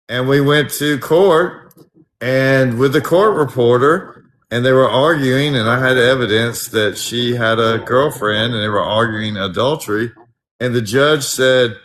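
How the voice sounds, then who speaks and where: A man with a bright, cutting voice talks loosely on a live stream. He retells his investigation cases with lots of fillers and an amused edge. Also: medium pitch. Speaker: private investigator guest. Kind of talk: casual live-stream chat.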